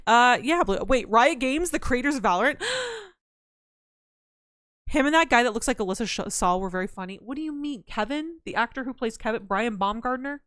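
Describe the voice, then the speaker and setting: A woman's voice: a little high, brisk, dry recording, clean studio sound. A young woman streamer chatting casually with her chat, telling stories and laughing, with a slightly scratchy throat. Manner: chatty, laughing, reads chat aloud, animated storytelling.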